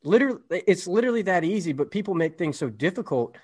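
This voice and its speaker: A man's voice: sits high, expressive, fast talker, darkish tone, breathy edge. Man giving an emphatic motivational pep talk. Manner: motivational, emphatic, lots of "right?". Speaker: podcast co-host. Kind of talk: casual podcast chat.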